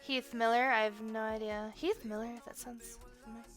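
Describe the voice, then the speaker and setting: A woman's voice: a little high, steady tone, moderate pace, faint music behind. An American woman streaming while she colors, chatting in a rambling, casual way and swearing now and then. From United States.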